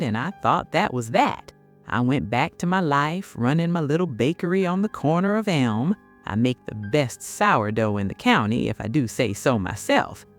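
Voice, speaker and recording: A middle-aged woman with a Southern US accent, telling a first-person story in a folksy way. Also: sits low. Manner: folksy, addresses listener as honey. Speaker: narrator.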